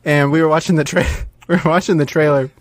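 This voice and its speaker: A man co-hosting a casual podcast chat, telling jokey stories in an animated way. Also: fairly high pitch, fast talker, no room sound, studio quality. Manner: animated joking storyteller. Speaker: podcast co-host.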